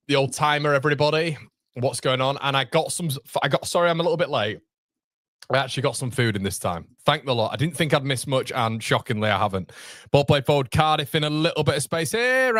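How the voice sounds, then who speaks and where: A man hosting a live match watchalong, chatty and excitable, talking straight to his viewers. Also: medium pitch, fairly quick, no room sound. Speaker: host of a football fan channel.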